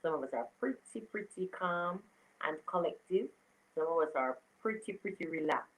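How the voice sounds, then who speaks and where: Lively woman hosting a live stream. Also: on the low side, normal speed, rough recording. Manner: animated, laughs often, shouts greetings to viewers. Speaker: livestream host. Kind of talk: casual live-stream chat reading comments.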